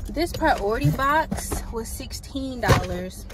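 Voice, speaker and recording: A woman's voice: a little high, animated, slow pace, loud music behind the voice. A young adult woman vlogging casually, rambling and chatting straight to her viewers. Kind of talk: casual vlog chat. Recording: loud car noise behind.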